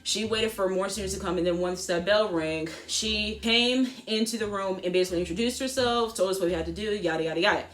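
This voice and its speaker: Animated teenage girl telling a story. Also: medium pitch, a little fast, hardly any pauses. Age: teens. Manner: animated, slangy storytelling with voiced asides. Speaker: vlogger. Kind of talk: storytime vlog.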